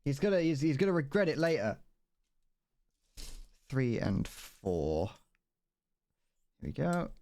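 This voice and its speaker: A man's voice: mid-range voice, sing-song, takes it slowly, long pauses, darkish tone. Rambling, laughing British man streamer. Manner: rambling, stammering restarts, frequent laughter. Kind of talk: casual livestream chat while building a model kit.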